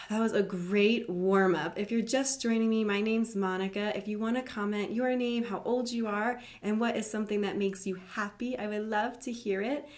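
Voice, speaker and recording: A woman leading a live online yoga class for kids, gentle, encouraging and playful as she talks through each pose. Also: mid-range voice, reverberant. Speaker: yoga teacher for children.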